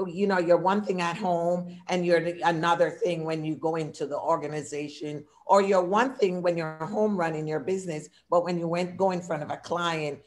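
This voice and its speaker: Older woman speaking with an accent, low voice. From immigrant. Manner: warm, talkative, speaks in short lists; audible non-native English accent. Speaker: diversity consultant and workshop speaker. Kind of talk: presenting a workshop over a video call. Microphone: video call.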